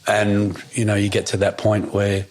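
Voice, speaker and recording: A man's voice: fairly low pitch, monotone, moderate pace, darkish tone. A man, a podcast guest chatting casually and rambling with fillers and restarts. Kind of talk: casual outdoor conversation.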